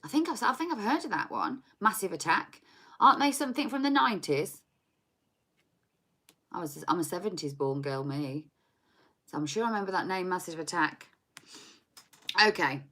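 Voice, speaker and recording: A woman's voice: fairly low pitch, very animated, moderate pace, long pauses, bright, forceful tone. A woman in her forties giving a chatty, scattered tarot reading from her home desk into a laptop mic. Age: 40s. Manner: chatty, scattered, laughing, self-mocking. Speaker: tarot reader. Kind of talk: casual live tarot reading. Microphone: laptop or phone microphone.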